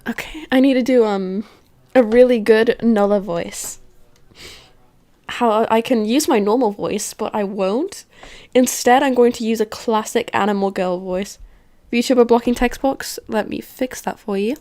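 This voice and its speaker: A woman's voice: a little high, unhurried, warm tone. Chatty, playful woman streamer. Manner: chatty, self-mocking and playful. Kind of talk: casual gaming livestream chat.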